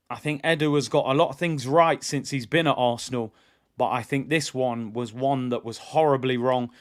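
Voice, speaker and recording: A man hosting a live football fan watch-along, chatting in an opinionated way with lots of fillers and repeats while reading out viewer comments. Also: mid-range voice. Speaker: football fan channel host.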